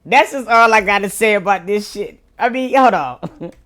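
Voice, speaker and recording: A woman reacting to clips as a streamer, loud and exclaiming with frequent laughs, speaking. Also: mid-range voice, normal speed. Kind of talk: casual reaction commentary.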